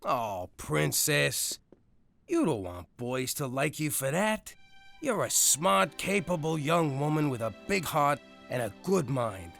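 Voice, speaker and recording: A gravelly cartoon mob dad. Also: medium pitch, big pitch swings, soft background music, full character voice. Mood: coaxing. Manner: blustery, quick to shout then soften. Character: gruff mobster dad, doting and hot-tempered. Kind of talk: adult cartoon voice acting.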